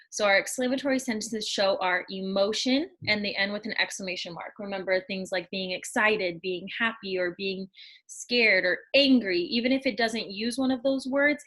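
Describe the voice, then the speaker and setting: A woman teaching a lesson to young children, explaining slowly and patiently, step by step. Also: medium pitch, fairly bright tone, low-quality recording.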